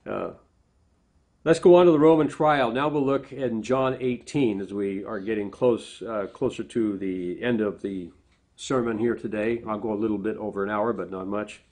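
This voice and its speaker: A man's voice: fairly low pitch, moderate pace. A middle-aged man giving a sermon, earnest and often correcting himself, voice rising as he quotes speakers. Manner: earnest, self-correcting, animated when quoting. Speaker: pastor.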